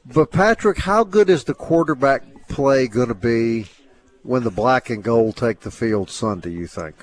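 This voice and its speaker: A man hosting a sports radio show on location, talking casually with easy pauses and fillers. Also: medium pitch, expressive. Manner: easygoing, many "uh" fillers. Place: credit union building, on location.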